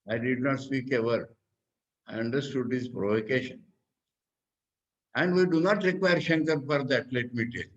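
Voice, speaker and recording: A man with an Indian English accent, a monk and teacher giving a spiritual discourse on scripture. He explains slowly, asking questions and then answering them himself. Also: medium pitch, muffled recording.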